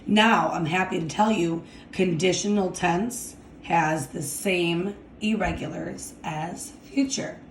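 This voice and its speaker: A woman's voice: lowish voice, steady tone, reverberant, a little hiss or hum. A woman teaching a Spanish grammar lesson, explaining step by step and often checking in with "okay?" while she writes. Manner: slow, deliberate, repeats "okay?" to check understanding.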